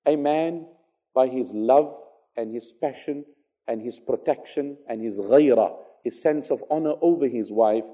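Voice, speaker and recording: A man giving an Islamic religious lecture, telling stories, acting out dialogue and reciting Arabic verses quickly. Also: on the high side, warm tone, lo-fi sound. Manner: conversational, fillers, repeats phrases for emphasis.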